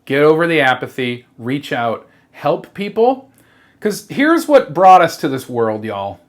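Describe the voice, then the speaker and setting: A trans person in a rambling comedic monologue, halting and sincere, with lots of fillers, restarts and casual swearing. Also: mid-range voice, very animated. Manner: swears freely.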